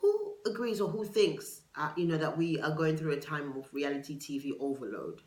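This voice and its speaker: A woman's voice: low voice, big pitch swings, moderate pace, darkish tone, roomy sound, low-quality recording. A woman hosting a solo podcast, chatting casually and digressing into gossipy asides. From United Kingdom. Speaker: podcast host. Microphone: camera for a video podcast.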